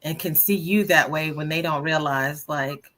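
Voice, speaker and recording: Animated woman telling stories on a podcast. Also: sits low, moderate pace. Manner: animated storytelling, acting out her own reactions. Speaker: podcast co-host. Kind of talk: casual spiritual chat.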